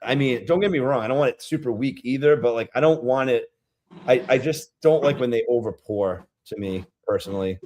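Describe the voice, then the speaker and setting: A man's voice: mid-range voice, a little fast, a little mellow, slight background noise. A man with a Rhode Island accent hosting a casual beer-tasting livestream, rambling chattily with lots of fillers.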